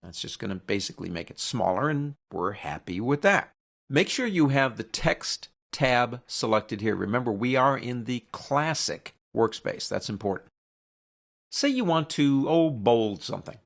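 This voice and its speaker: Male instructor with a gravelly edge; relaxed, chatty walkthrough with the odd wry rant. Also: mid-range voice, moderate pace. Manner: casual, chatty, with joking opinionated asides. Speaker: teacher. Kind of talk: software tutorial walkthrough.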